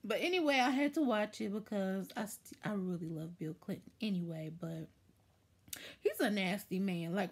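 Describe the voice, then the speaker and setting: A woman hosting her own commentary show, giving an opinionated review in a sassy, animated way, her voice leaping up when she stresses a point. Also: mid-range voice. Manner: animated, sassy, voice jumps up for emphasis. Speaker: YouTube commentary host.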